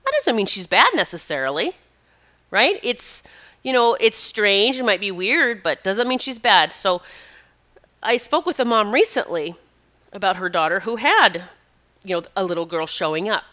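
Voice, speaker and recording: A woman's voice: medium pitch, very animated, normal speed, sharp tone. A middle-aged woman talking as a spiritual advisor in a casual, chatty monologue, emphatic and prone to tangents.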